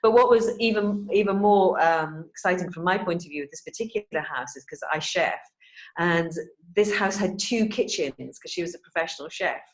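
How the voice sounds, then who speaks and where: A Welsh woman with a slightly low voice, chatting freely on a video call. She laughs often and lets her sentences fade to a soft, quiet finish. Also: moderate pace. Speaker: experienced housesitter. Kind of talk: casual group video chat.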